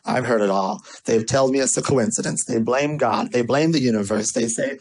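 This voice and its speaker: A vlogger telling a story in a sassy, animated way and then giving casual marketing tips. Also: moderate pace, poor audio. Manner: acts out quoted voices with big pitch swings. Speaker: vlogger and small business owner.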